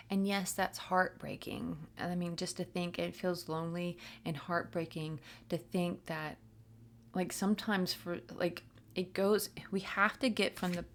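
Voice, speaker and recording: A woman doing a spiritual reading, talking to her viewers in a chatty, rambling, encouraging way with a self-mocking streak. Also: lowish voice. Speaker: spiritual reader, channel. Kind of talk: casual spiritual pep talk to camera.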